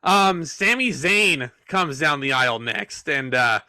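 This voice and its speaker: A man's voice: fairly high pitch, expressive, slow pace, sharp tone, no echo. A man hosting a podcast, reviewing a wrestling show in a casual, chatty, joking and sometimes sarcastic way. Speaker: podcast host.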